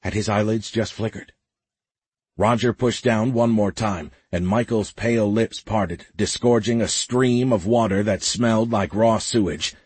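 A man narrating a science fiction audiobook in a steady, measured way. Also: on the low side, husky, dry recording. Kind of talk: scripted narration.

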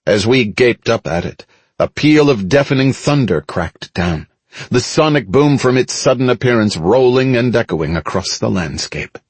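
A man's voice: mid-range voice, expressive, normal speed, breathy edge, dry recording. A man reading first-person scripted narration in an audiobook, storytelling steadily with dramatic lifts.

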